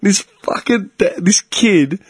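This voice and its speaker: A man's voice: sits high, slow, husky, dry recording. A man telling stories in casual chat, swearing freely and breaking into laughter. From Australia. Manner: swearing, animated storytelling, bursts of laughter.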